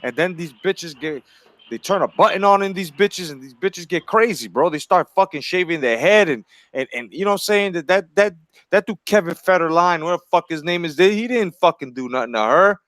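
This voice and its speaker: A man's voice: high voice, animated, fairly quick, a bit bright, dry recording, studio quality. A man co-hosting a podcast, ranting crudely and with heat about celebrities, full of profanity. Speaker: podcast co-host.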